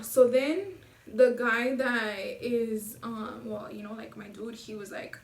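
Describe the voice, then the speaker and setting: Young woman, high-pitched, lively storyteller who swears a lot, recorded in an echoey room with the mic set back. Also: normal speed, far from the mic. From Los Angeles area. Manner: animated, swears a lot, acts out the men's voices. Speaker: vlogger telling a story. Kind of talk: casual storytime.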